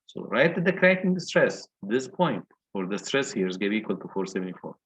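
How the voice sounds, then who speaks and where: A man's voice: fairly low pitch, big pitch swings, fairly quick, fairly bright tone, husky, poor audio. A male engineering lecturer walking through calculations step by step and asking the class questions. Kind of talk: recorded lecture walkthrough.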